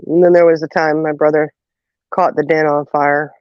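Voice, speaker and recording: Lively woman telling family stories. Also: low-pitched, moderate pace, no room sound. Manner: lively storyteller who acts out quotes, laughs often, says "you know" a lot. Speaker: host. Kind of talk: casual chat, storytelling. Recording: dull, muffled audio.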